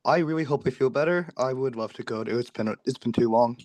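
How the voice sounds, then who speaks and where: A man's voice: mid-range voice, fairly quick, darkish tone. Weak-voiced sick male student. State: recovering from illness, voice weak.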